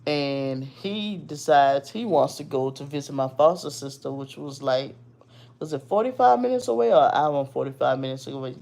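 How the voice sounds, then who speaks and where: A woman from Virginia hosting her show, casually telling a personal story in a blunt, animated, profane way. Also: very deep voice, normal speed, vocal fry.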